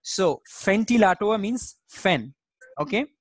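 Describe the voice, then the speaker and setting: A language teacher leads an online class over a video call. The teacher speaks at a slow, unhurried pace and patiently repeats each word aloud. The sound is dry and close, with almost no room echo. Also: mid-range voice, expressive, slightly rough. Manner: patient, repetitive pronunciation drilling.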